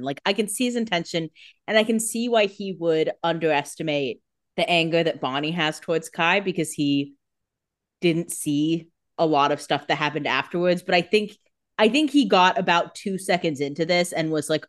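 A woman's voice: lowish voice, moderate pace. A woman co-hosting a podcast, joking wryly about a TV episode. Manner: wry, joking commentary. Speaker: podcast co-host. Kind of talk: casual chat.

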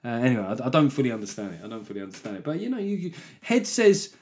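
A man hosts his own podcast in a loose, rambling monologue. His voice sits at an ordinary middle pitch, and he drifts from one joke to the next with a sarcastic edge. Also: big pitch swings, racing, a little mellow. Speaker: podcast host. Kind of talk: casual solo podcast monologue.

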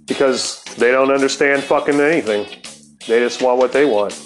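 A man in his fifties with a mid-range voice tells a rambling personal story in a relaxed, unhurried, laid-back way, swearing heavily and using fillers like "man" and "dude." Guitar music plays clearly in the background, and the recording quality is low.

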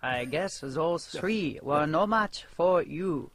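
Slow, halting rival fighter. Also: male voice, on the high side, expressive, a bit bright, heavily acted. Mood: challenging. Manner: halting, non-native reading.

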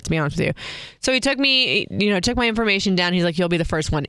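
A chatty young woman tells a casual story, full of wry asides and quick acted-out quotes. Her voice is smooth and clean, recorded close in a dry, dead room. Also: on the low side, a bit bright, no echo. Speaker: vlogger, mother.

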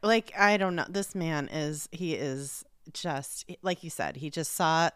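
Low-voiced woman, blunt and relaxed. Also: slow, clean tone, dry recording, clean studio sound. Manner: relaxed, blunt, swears casually. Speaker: podcast co-host. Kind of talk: casual chat.

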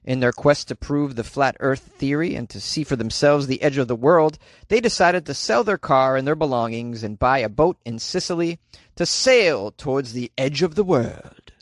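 A man's voice: medium pitch, animated, moderate pace, no room sound. A man hosting comedic news commentary, reading stories and adding wry, joking asides in a chatty manner. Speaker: host.

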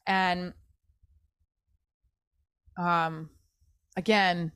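Woman venting solo on her podcast, kinda low voice, dry close sound, mad at herself and swearing a lot. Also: flat delivery, very slow, a bit bright, clear, resonant tone, dry recording. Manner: upset and self-critical, swearing, rambling with restarts. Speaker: podcast host. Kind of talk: emotional solo podcast monologue.

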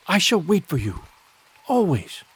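A gentle young heroine, put on by a male reader, speaks in a soft murmur. Her lines rise lightly and lilt, tender and quiet, in a storybook reading. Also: high-pitched, wildly swooping pitch, measured pace, slightly rough, exaggerated voice. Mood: whispering. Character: tender young woman in love.

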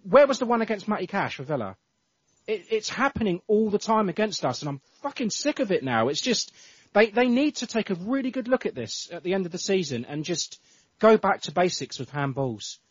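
A man's voice: high-pitched, sing-song, brisk, slightly rough, no echo. A man co-hosting a casual football podcast, ranting in exasperation and swearing often. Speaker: podcast co-host. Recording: dull lo-fi podcast audio.

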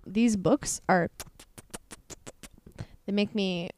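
A young woman with a fairly high voice talks in a brash, bawdy way and swears freely. It is a casual podcast chat, recorded dry and close with no room sound. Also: slow pace, pauses often, darkish tone, clear, resonant tone, no room sound. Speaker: podcast co-host.

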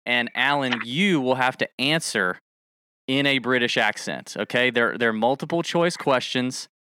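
A man's voice: mid-range voice, normal speed, clean tone, no echo. Upbeat joking game show host man. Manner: energetic, joking, hypes the guest. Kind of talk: casual podcast game show hosting.

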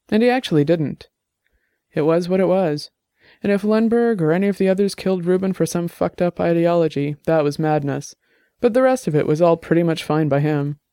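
A man narrating an audiobook in a measured, even storytelling manner. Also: on the high side, clear, resonant tone, dry recording, clean studio sound. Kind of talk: scripted narration.

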